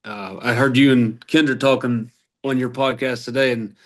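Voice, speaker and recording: At a moderate pace and in a mid-range voice, a man from Arkansas shares rambling, animated hunting stories as a podcast guest. He's a turkey hunter, and his storytelling is casual and long-winded.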